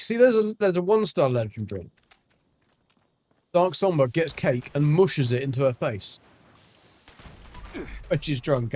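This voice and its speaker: Chatty man, game streamer, rambling casual talk with a slightly high voice. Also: a little mellow. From England, Devon. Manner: chatty, rambling, lots of ums. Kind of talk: casual livestream chat while gaming.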